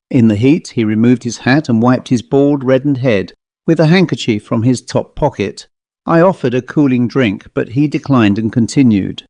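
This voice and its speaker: Warm-voiced English man reading his story. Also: medium pitch, no room sound. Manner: measured and descriptive. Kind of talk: first-person audiobook narration.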